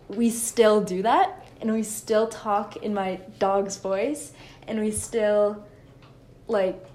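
A woman's voice: medium pitch, darkish tone, slight background noise. A young woman co-hosting a podcast, chatting casually, giggly and rambling with many restarts. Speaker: podcast co-host. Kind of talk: casual chat.

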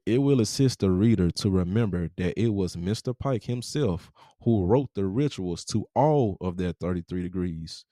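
A man with a low, mellow voice hosts a podcast, reading book passages aloud and breaking in with casual, profane remarks. The sound is dry and close, with no room behind it. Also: no echo. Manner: casual, profane asides between quotes. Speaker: podcast host.

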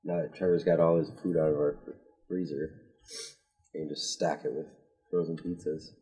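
An easygoing man chatting casually on a podcast and laughing often. His voice is extremely deep and warm. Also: flat delivery, moderate pace, low-quality recording. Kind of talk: casual chat.

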